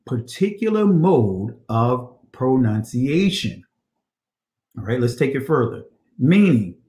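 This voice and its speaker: A man's voice: mid-range voice, warm tone, echoey room. A man teaching a scripture study lesson on ancient Hebrew, reading passages aloud and checking in with "all right?" and rhetorical questions.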